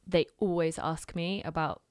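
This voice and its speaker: A woman with a slightly low, smooth and clear voice chats casually. She reacts with amusement and tells a short anecdote. The sound is dry and close. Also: steady tone, moderate pace, darkish tone, no echo. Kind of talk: casual chat.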